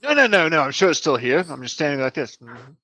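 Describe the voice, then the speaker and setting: A man playing in a tabletop game, cracking quick, jokey asides. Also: on the high side, sing-song, bright, forceful tone, slightly rough. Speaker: player. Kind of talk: casual tabletop game chat.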